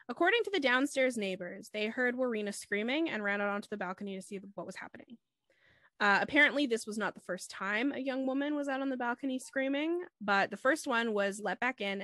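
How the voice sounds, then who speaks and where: A woman's voice: fairly high pitch, dry recording. Woman walking through a true crime story on a podcast, dry close sound, lots of ums. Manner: steady retelling with frequent fillers. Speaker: podcast host.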